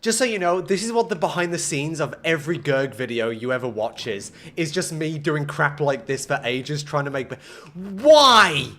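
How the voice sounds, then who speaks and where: A man live-streams a game, his slightly high voice animated and at normal speed with few pauses. He talks to himself and his chat with growing exasperation as his builds fail.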